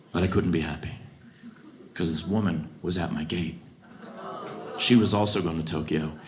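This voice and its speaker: Guy doing stand-up into a stage mic, goes from deadpan to yelling, crowd noise clearly there. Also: low voice. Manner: animated, swings between quiet deadpan and loud outbursts. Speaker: stand-up comedian. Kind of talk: stand-up comedy set. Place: comedy club stage. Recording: live show with audible audience noise.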